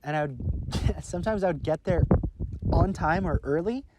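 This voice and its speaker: A young man casually telling a long, profane story as a podcast co-host, acting out what people said in loud bursts. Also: on the high side, moderate pace. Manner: profane, rambling, acts out quotes loudly. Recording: loud noise behind.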